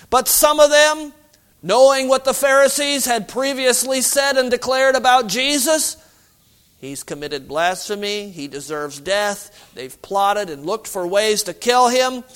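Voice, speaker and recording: A man preaching an expository sermon in a measured way, sinking to a low hush to stress key points. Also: smooth.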